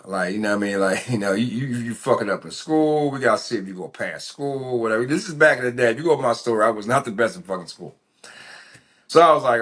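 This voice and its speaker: A man's voice: fairly low pitch, lively intonation, a little fast, fairly bright tone. A man, telling his life story in a casual, rambling, profane way full of fillers. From Philadelphia. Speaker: podcast host.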